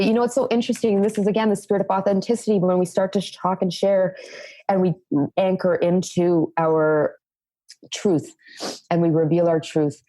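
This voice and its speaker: A woman's voice: fairly low pitch, fairly even intonation, normal speed, mellow, no echo, rough recording. A middle-aged woman as a podcast guest, speaking in an earnest, thoughtful way and often repeating words as she starts a thought. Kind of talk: reflective conversational interview.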